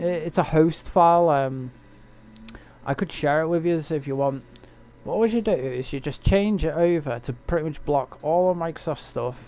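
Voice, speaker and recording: His voice is fairly high, gravelly and mellow as he streams a racing game from home at night. He rambles and cracks jokes to his viewers in easygoing live commentary.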